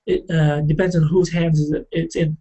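A man telling a personal story in a halting, reflective way, with many fillers and restarts. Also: on the high side, flat delivery, mellow, muffled recording.

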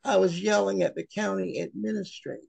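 Earnest woman speaker, gravelly voice, slow heartfelt delivery, dry recording. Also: mid-range voice, steady tone, darkish tone, no echo. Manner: emotional, earnest, with long pauses. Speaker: webinar speaker. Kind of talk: heartfelt personal talk.

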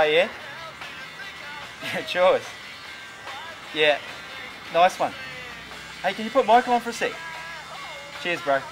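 A man's voice: high voice, low-quality recording. A young man with a New Zealand accent playing a brash, crude car-yard worker who swears constantly in naturalistic indie film dialogue. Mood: wheedling. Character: brash foul-mouthed young Kiwi car washer.

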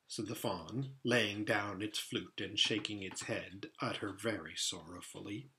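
A man reading a children's book aloud in an expressive, dramatic way. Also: fairly low pitch, a little slow, few pauses. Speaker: storyteller.

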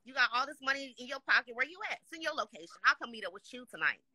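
A woman's voice: high voice, lively intonation, racing, pushed and bright, no echo. A woman from Dallas, Texas, ranting angrily and swearing constantly on a live show, upset and heated, often saying "you know what I'm saying.". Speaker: guest complaining on a live show. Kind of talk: angry rant.

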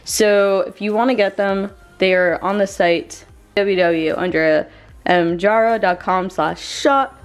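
A woman's voice: medium pitch, measured pace, faint music behind. A young woman vlogging from home, chatty and bubbly, talking straight to her viewers. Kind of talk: casual vlog chat.

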